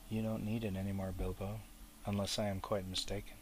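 A man reading an audiobook aloud, voicing a grave, wise old male wizard in a calm, quiet, deliberate way. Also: fairly low pitch, slight background noise, natural voice. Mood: firm.

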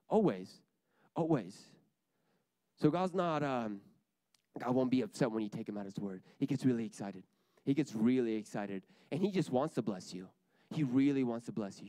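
A man's voice: mid-range voice, dark tone, dry recording. A young man giving an earnest sermon to a church group, repeating his key lines for emphasis.

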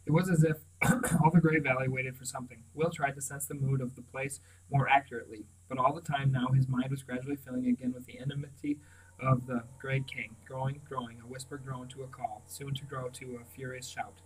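A man reading a novel aloud in a steady, measured storybook narration. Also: mid-range voice, husky, far from the mic, rough recording. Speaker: audiobook reader.

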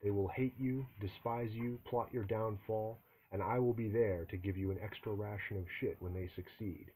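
A man doing a gruff, foul-mouthed drill sergeant. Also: lowish voice, fairly even intonation, moderate pace, low-quality recording. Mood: barking. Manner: barking, profane, forceful delivery.

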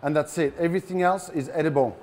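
A chef with a French accent runs a live cooking demo in front of a big crowd. He's playful and teasing with the audience, and his man's voice sits a little on the high side. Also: fast, a little mellow, a little hiss or hum.

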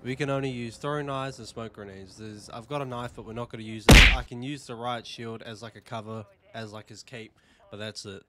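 A man's voice: medium pitch, steady tone, a little fast, very noisy. A young man casually introducing his gaming video with a self-deprecating manner.

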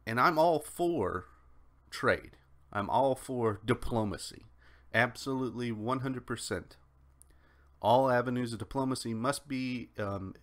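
An American man with a medium-pitched, slightly bright voice hosts a solo political commentary podcast. He rambles as he talks, often restarting sentences and saying "um."

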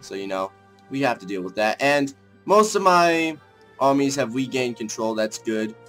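A young man casually commenting on a strategy game as he plays, thinking aloud, rambling and breaking into excited outbursts, with faint music behind him. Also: medium pitch, moderate pace. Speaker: let's play gamer.

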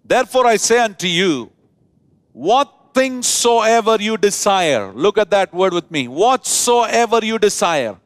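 A man's voice: high voice, expressive, dry recording. A male pastor preaching a sermon in a church, stretching key words and calling the congregation to repeat after him. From India. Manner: preaching with drawn-out emphasis and call-and-response.

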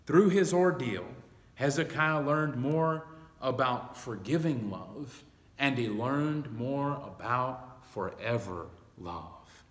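A man preaching a Bible study sermon, reading scripture aloud slowly and with emphasis. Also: mid-range voice, lively intonation, echoey room, long reverb tail. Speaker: pastor. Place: church sanctuary.

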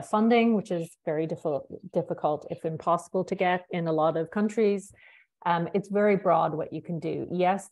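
A woman with a low voice talks through a funding workshop on a webinar. Her explanations are conversational and loosely phrased, heard through a computer mic on a video call. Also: creaky, darkish tone. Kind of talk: webinar presentation.

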